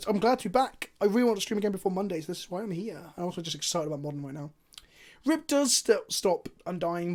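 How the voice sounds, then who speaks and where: A young man streaming a card game, talking through his plays and chatting with viewers in an animated, foul-mouthed, self-mocking way. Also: sits high.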